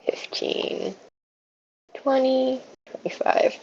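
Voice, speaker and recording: A woman running a tabletop game as game master, narrating the scene in an unhurried way with fillers. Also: high-pitched, darkish tone, breathy edge. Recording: dull lo-fi mic.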